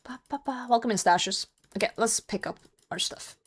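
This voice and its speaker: A young woman casually commentates her live game stream in a slightly high voice with a breathy edge, speaking briskly. She talks bluntly to viewers, makes fun of herself, laughs a lot, and swears when frustrated.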